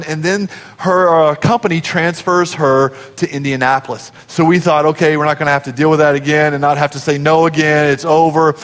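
Pastor guy preaching, highish voice, tells stories and does the voices, big church echo. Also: fairly even intonation, fairly quick, few pauses, fairly bright tone. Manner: storytelling, acting out quoted voices, rising to emphatic peaks. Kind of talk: sermon.

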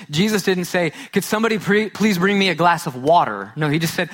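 A man preaching a sermon, telling a funny childhood story with self-mocking humor, then dropping to a hushed, earnest tone. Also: high voice, brisk, few pauses. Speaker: pastor.

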